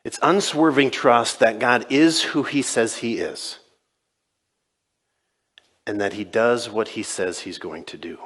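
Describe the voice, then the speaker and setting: A man's voice: mid-range voice, takes it slowly, long pauses, fairly bright tone, husky. A male pastor preaching a sermon in a conversational way, retelling scenes and voicing quoted dialogue. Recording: long reverb in a large church.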